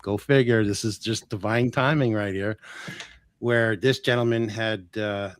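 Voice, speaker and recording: A man in his sixties, a healer guest telling stories in a casual, animated way, chuckling often and acting out what people said. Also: fairly low pitch, a little slow, no room sound. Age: 60s. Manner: animated, chuckles often, acts out quoted dialogue. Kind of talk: casual storytelling.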